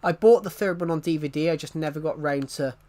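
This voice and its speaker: A man's voice: fairly high pitch, quick pace, warm tone. A young man chatting casually on a live stream, rambling and self-deprecating, often laughing and restarting his sentences.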